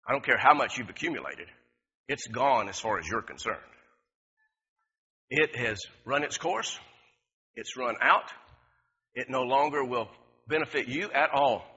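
A man's voice: a little high, breathy edge, long reverb tail. A middle-aged man preaching a sermon, telling stories with lots of repeats and chuckles. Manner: lively, storytelling, repeats words, chuckles often. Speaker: pastor. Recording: dull lo-fi recording.

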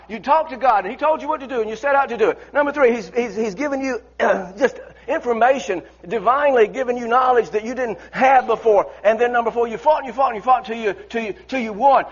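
A male preacher delivers a sermon in a high voice. He drives points home with repetition and many restarts. The recording sounds dull and lo-fi. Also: fast talker, hardly any pauses, husky. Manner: impassioned, repetitive, stammering restarts.

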